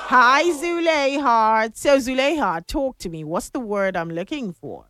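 Playful woman radio host, slow and lively. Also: a little high, dry recording, clean studio sound, faint music behind. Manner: playful, laughs often, drawn-out words. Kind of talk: morning radio call-in chat.

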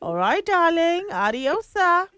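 A woman's voice: very high voice, very animated, slow pace, fairly bright tone. A woman hosting a morning radio call-in show, chatting playfully with callers and laughing often. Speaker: radio host.

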